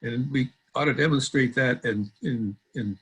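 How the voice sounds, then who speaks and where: A man speaking at a board meeting on a video call, measured and stumbling now and then over his words. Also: mid-range voice, husky, poor audio. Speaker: board member. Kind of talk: virtual board meeting remarks.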